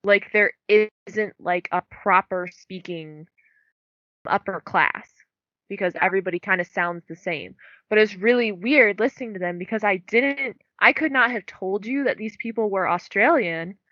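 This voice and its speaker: A woman's voice: medium pitch, a bit bright, no room sound, dull audio. A young woman co-hosting a book podcast, chatting casually and filling her talk with "like". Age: young adult. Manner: chatty, many "like" fillers. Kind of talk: casual chat.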